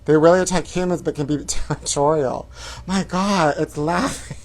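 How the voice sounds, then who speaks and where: A man's voice: on the high side, fairly even intonation, moderate pace. A man hosting a celebrity gossip show, reading tabloid stories with flamboyant, theatrical asides and calling his viewers honey. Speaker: host. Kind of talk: campy celebrity gossip commentary.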